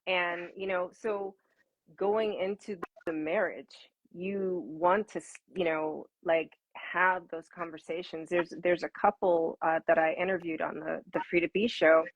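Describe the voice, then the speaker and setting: Husky, animated woman coach. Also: on the low side, a little slow, no echo, highs cut off. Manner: animated, repeats words for emphasis, laughs often. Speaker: intimacy coach guest. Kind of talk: conversational interview answers.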